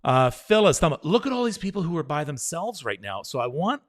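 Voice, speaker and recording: A man's voice: a little high, sing-song. Reassuring middle-aged man hosting a live show. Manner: reassuring, encouraging, talks straight to viewers; leads a slow breathing exercise. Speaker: host. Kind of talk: live call-in style show, reading viewer comments.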